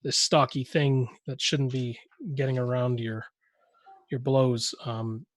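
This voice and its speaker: A man narrating a tabletop game as game master, often pausing and restarting his sentences. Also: mid-range voice, flat delivery, no room sound. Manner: hesitant, many restarts while describing.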